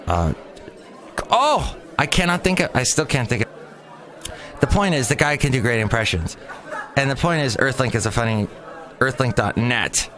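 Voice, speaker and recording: A man's voice: medium pitch, fairly bright tone. A man hosting his own podcast, rambling jokily from one tangent to the next. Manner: rambling, jokey, jumps between tangents. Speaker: podcast host. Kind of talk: casual comedic monologue.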